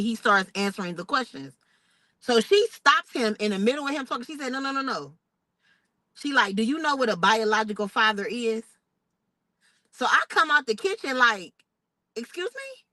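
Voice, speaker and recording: A young woman, telling a personal story in a casual vlog, animated and expressive. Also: mid-range voice, dry recording, poor audio. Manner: animated, expressive retelling with outraged quoted asides. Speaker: vlogger.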